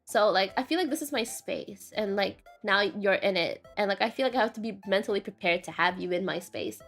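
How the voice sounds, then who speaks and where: A woman's voice: mid-range voice, fairly quick, a bit bright, faint music behind. A woman streamer chatting casually and rambling, often saying "question mark" and laughing.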